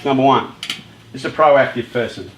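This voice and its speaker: A lively man leads a motivational workshop for young people, trading questions with the audience and telling stories with a chatty touch. His mid-pitched voice rings around a roomy, echoing space. He sounds easygoing and direct. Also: normal speed, background noise. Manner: lively, chatty storyteller who talks with the audience. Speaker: youth workshop speaker.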